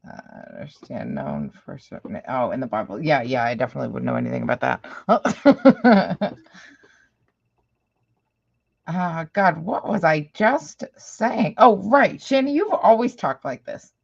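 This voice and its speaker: A woman's voice: low-pitched, sing-song, moderate pace, gravelly, slightly rough, dull audio. A woman hosting a reaction video, commenting with sarcasm and exasperation on a clip.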